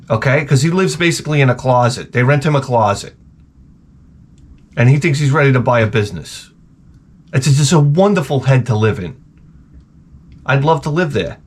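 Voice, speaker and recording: A man rambling in a casual, profane rant full of dark jokes, as a gaming vlogger. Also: medium pitch, expressive, normal speed, pauses often, slightly rough. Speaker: retro gaming YouTuber.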